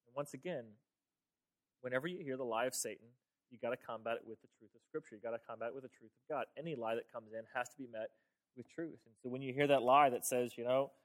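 A man's voice: mid-range voice, fairly even intonation, fast talker. A man pastor preaching a sermon in a conversational way, often repeating words and talking straight to his listeners. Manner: conversational, repeats words, talks to the audience directly.

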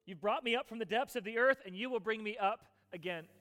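A man preaching a sermon, earnest, building to emphatic passages and then dropping soft, over soft music. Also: high voice, fast talker. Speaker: pastor.

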